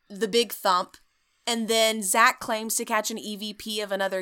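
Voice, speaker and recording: Snarky woman podcaster retelling a show, bright clear voice, swears a lot. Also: medium pitch, moderate pace. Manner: animated, sarcastic, swears a lot. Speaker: podcast host. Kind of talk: comedic storytelling recap.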